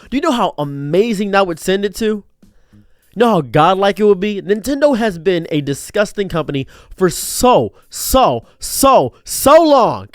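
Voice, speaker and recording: A fed-up man rants about gaming, his voice sitting a little high for a man. He curses freely and jumps from loud bursts to low, grumbling asides. The sound is close and dry, with no room around it. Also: dry recording. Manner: exasperated, profane, swinging between shouted outbursts and low muttering. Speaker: commentary streamer. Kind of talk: angry reaction rant.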